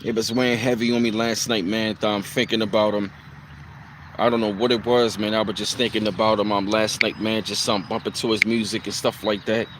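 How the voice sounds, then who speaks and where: A man's voice: on the low side, level tone, fairly quick, fairly bright tone, a little hiss or hum. A man hosting a casual live stream, speaking in a loose, reflective way with plenty of fillers and repeated phrases.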